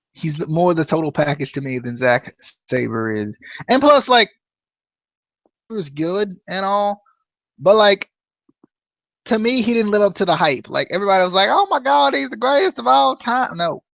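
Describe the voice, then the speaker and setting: A man's voice: high-pitched, a bit bright, no room sound. A man co-hosting a podcast in casual chat, rambling and indecisive, with many restarts. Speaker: podcast co-host. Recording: dull lo-fi dry sound.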